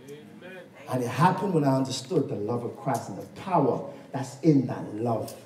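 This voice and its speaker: A man's voice: medium pitch, lively intonation, moderate pace, warm tone. A man preaching a sermon, telling his testimony as a story, acting out the dialogue and calling out for amens. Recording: echoey room, mic far off.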